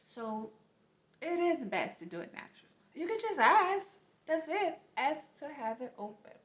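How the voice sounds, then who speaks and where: A woman's voice: high voice, very animated, a little slow, a bit bright. A woman giving casual spiritual teaching to her viewers. She talks in an earnest way, repeats herself, and often checks in with "okay?", and she has a light accent. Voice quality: light accent, self-noted. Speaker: spiritual vlogger. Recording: roomy, dull lo-fi recording.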